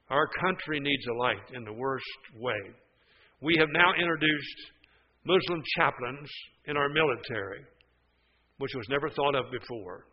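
A man's voice: mid-range voice, lo-fi sound. An older man preaching a sermon, folksy and emphatic, firing off rhetorical questions. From West Virginia.

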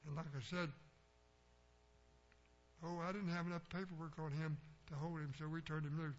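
A man's voice: fairly high pitch, little pitch movement, normal speed. Older man, plainspoken preacher telling homespun anecdotes; muffled lo-fi sound. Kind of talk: folksy storytelling sermon. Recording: dull lo-fi recording with faint hum.

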